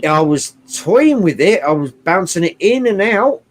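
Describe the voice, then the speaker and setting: Animated man chatting about films. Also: high-pitched, a little slow. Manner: animated, swears often, mimics characters. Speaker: podcast co-host. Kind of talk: casual movie chat.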